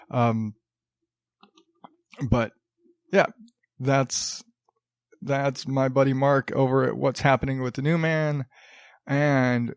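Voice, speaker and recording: A man's voice: medium pitch, no room sound, studio quality. A man hosting a solo podcast, rambling casually with many fillers, restarts and swearing. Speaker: podcast host.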